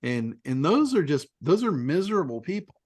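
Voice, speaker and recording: Animated man, blunt and laughing. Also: fairly high pitch, normal speed, no room sound, clean studio sound. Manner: blunt, laughs often, mild swearing. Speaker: host of a business call. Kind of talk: casual chat, telling stories and giving advice.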